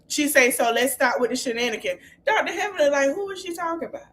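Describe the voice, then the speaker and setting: A woman with a high voice and a lilt hosts a casual podcast recap. She retells the arguments with lively exclamations, slipping into the cast members' lines as she goes. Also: quick pace. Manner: animated retelling, acting out quotes with exclamations. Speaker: podcast host.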